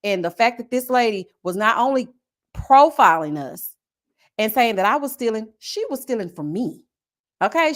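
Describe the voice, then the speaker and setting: A woman in her forties telling a personal story to her viewers in a casual, animated vlog, speaking straight to the audience. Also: medium pitch. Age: 40s. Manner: animated, addresses viewers directly. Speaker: vlogger.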